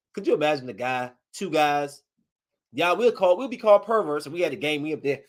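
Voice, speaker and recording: A man hosting a casual solo podcast, telling stories in a slangy, joking way, swinging from loud outbursts to low muttering and laughing often. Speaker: podcast host.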